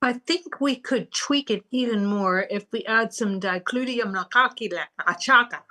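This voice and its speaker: A woman's voice: a little high, normal speed, bright, forceful tone. A woman performing in an improvised comedy scene, chatty and commenting on what the others do.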